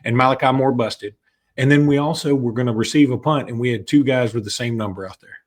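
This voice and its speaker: A man's voice: mid-range voice, quick pace. A man co-hosting a sports podcast, talking casually and joking as he breaks down a game. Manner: chatty, joking, with restarts. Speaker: podcast co-host.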